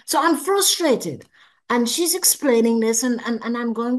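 An older woman speaking in a fairly high voice recounts a personal experience for an interviewer. She talks expressively, acts out what she thought at the time, and often repeats words as she searches for them. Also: expressive, unhurried. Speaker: interview guest recounting a near-death experience. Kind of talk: animated personal storytelling.

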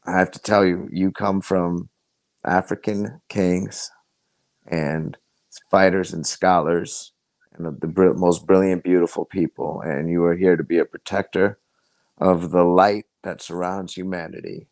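A stern, visionary father lectures his son, solemn and commanding, as a man quotes him in his own deep voice. The voice sits low, and the sound is close and dry. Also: steady tone, unhurried, a little mellow, no echo.

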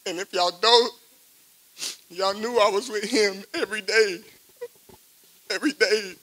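A young man crying as he gives a halting, emotional eulogy for a friend at a memorial service. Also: high-pitched, sharp tone, low-quality recording. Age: young adult. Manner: emotional, halting, repeats phrases.

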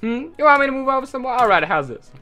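Brash talking rock, cowboy drawl, high and loud, put on by a man. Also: sing-song, racing, faint music behind, full character voice. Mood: sassy.

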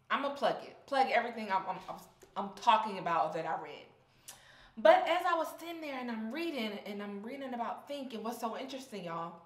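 A woman's voice: mid-range voice, fairly bright tone, roomy sound. A young woman vlogging candidly about her faith, heartfelt and close to tears, in a casual, slangy way. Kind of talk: personal faith vlog.

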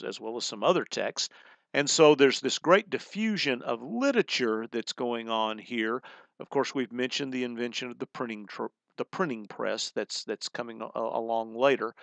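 Male instructor, middle-aged, mid-pitched, dry close recording, loose lecturing style with restarts. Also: vocal fry, fairly bright tone, dry recording. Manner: conversational, explains terms, frequent restarts and "uh"s. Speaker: college humanities instructor.

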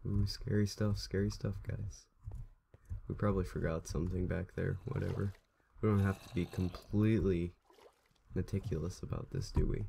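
Low gravelly young male gamer. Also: mellow, a little hiss or hum. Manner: chatty, rambling, talks to viewers while playing. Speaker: gameplay commentator. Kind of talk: casual let's play commentary.

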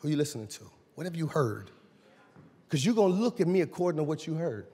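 A man pastor preaching a sermon, swinging between loud shouted lines and low quiet asides. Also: sing-song, quick pace, breathy edge. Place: church sanctuary. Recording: long reverb in a large church hall.

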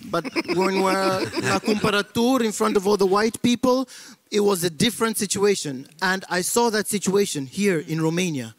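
A man's voice: high voice, moderate pace, no room sound. A man from Africa who grew up in Belgium, doing stand-up comedy in a playful way and mixing in Romanian words.

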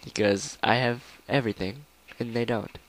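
A man's voice: mid-range voice, fairly even intonation, normal speed, a bit bright. Young male let's player, casual rambling commentary, faint noise in the recording. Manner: rambling, breaks into song snippets.

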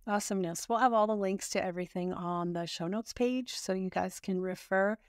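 A woman's voice: mid-range voice, a little fast, no room sound, studio quality. Upbeat woman hosting a podcast. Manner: upbeat, affirming. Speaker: podcast host. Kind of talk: podcast interview.

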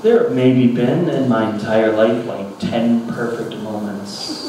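A man in his thirties doing stand-up comedy on a small venue stage, telling an animated story and laughing at his own lines. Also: mid-range voice, slow. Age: 30s. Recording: echoey room from far off, loud noise.

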